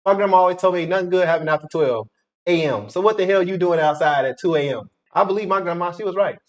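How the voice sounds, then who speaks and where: Man co-host, high lively voice, lo-fi mic, blunt jokes. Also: fast talker. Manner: blunt, joking, slangy. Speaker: co-host reacting. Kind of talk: reaction commentary. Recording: dull lo-fi sound.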